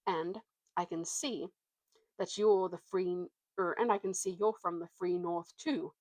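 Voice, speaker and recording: A woman's voice: fairly low pitch, fairly even intonation, measured pace, darkish tone, no echo. A woman voicing a proud male talking warhorse, haughty and lofty, drawing out her words.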